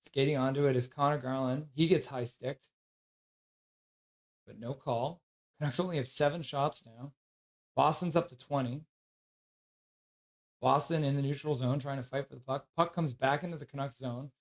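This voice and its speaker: A man calling a hockey game on a live stream and reading chat messages aloud with excited shouts. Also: mid-range voice, moderate pace, pauses often. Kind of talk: casual live-stream commentary.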